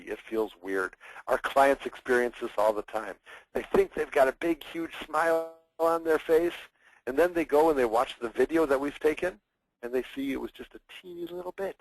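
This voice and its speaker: A man teaching public speaking in a webinar, energetic and expressive, acting out examples in mock voices. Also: medium pitch, no echo, rough recording. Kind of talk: webinar presentation.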